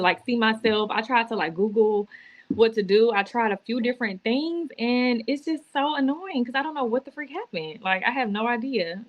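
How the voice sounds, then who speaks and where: A woman's voice: mid-range voice, dull audio. A woman talking casually to her viewers on a live stream from her laptop, teary and emotional as she gives a faith testimony. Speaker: vlogger going live. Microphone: laptop or phone.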